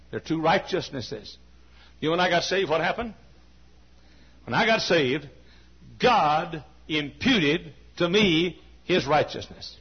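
A man preaching a sermon to a large church. He tells stories quietly and then breaks into high shouting. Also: breathy edge. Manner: swings from hushed storytelling to high shouting. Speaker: pastor. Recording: dull lo-fi sermon recording.

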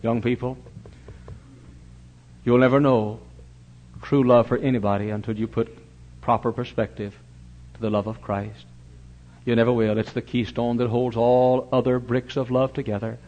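A man preaching a sermon in a fervent revival style, swinging between loud pleading and hushed, earnest asides. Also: mid-range voice, little pitch movement, moderate pace, pauses often. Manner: old-fashioned revival preaching cadence. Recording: muffled lo-fi recording.

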